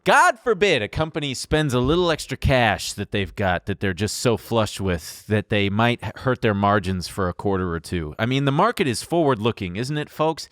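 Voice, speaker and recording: A man's voice: lowish voice, sing-song, normal speed, hardly any pauses, a bit bright, no room sound. A man co-hosting a comedy podcast, ranting sarcastically and profanely into a close mic. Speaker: podcast co-host. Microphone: close studio mic.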